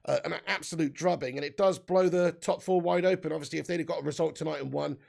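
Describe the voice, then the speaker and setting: Gravelly chatty football streamer. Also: male voice, a little high, fairly even intonation, fast, a little mellow. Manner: chatty, laughs often, reads out live chat. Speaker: live stream host. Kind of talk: casual live stream chat.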